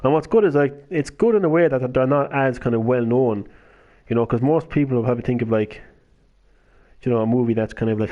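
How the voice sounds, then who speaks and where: A man's voice: medium pitch, muffled recording. A young Irish man streaming games, rambling and ranting casually with lots of swearing. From Ireland. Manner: swears freely, rants, laughs. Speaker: gaming live streamer.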